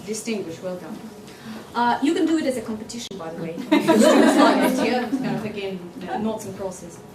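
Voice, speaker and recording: A woman training teachers in a workshop lecture, lively and constantly quizzing her audience with quick questions. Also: medium pitch. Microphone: distant mic. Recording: echoey hall from far off, noisy.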